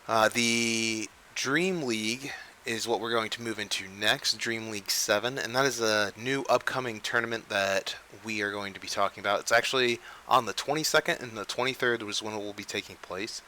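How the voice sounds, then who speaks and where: A man's voice: fairly low pitch, moderate pace, pushed and bright, a little hiss or hum, rough recording. A young man hosting a casual game news show, rambling and often restarting his sentences. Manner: rambling, frequent restarts and self-corrections. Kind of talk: casual unscripted news chat.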